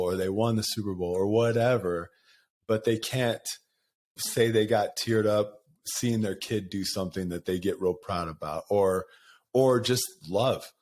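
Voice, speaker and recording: A man's voice: on the low side, unhurried, darkish tone. A middle-aged man hosting a podcast, talking candidly in a rambling, casual way and laughing often. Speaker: podcast host. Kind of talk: casual conversation.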